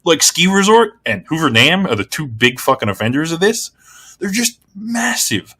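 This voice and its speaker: An Australian gaming video creator delivers a casual game review rant, blunt and exasperated, swearing heavily and rambling with frequent restarts. His voice is a little high and pushed, bright and slightly rough, with big pitch swings at a moderate pace.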